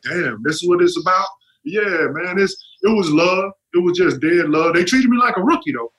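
A man's voice: high voice, animated, normal speed, a bit bright, poor audio. A man in his fifties, a former pro basketball player, telling stories as a podcast guest, laughing often and using salty slang. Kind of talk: casual interview chat.

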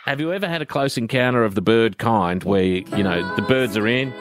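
A man's voice: on the low side, a little fast, over music. An Australian man hosting a radio show, bantering and teasing with dry, joking asides.

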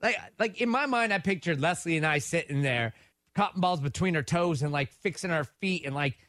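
A man telling a story on morning radio. His voice sits high and leaps all over as he acts out each quoted line. The studio sound is dry and close. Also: lively intonation, fairly quick, fairly bright tone, no room sound. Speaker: radio co-host.

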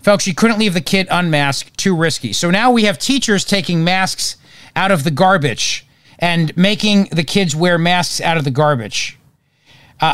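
A male talk host rambles through political commentary on very little sleep and jumps from one topic to the next. His voice sits a bit high for a man. The studio sound is dry and close, with no room echo. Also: a bit bright, clear, resonant tone. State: short on sleep.

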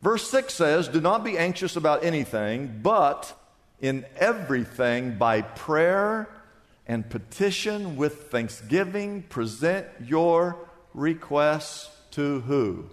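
Male pastor, high voice, emphatic sermon delivery, live church reverb. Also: very animated, slow. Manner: emphatic preaching with questions to the congregation. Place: large church sanctuary.

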